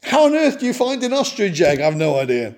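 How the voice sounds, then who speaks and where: Man, preacher, sermon, animated storytelling, high voice. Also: fairly quick. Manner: animated storytelling, acting out quotes.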